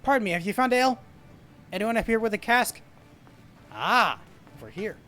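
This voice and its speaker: A man's voice: sits high, sing-song, moderate pace, sharp tone. A man streaming a game, chatting casually and joking while he plays. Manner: playful, joking asides. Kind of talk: casual gameplay chat.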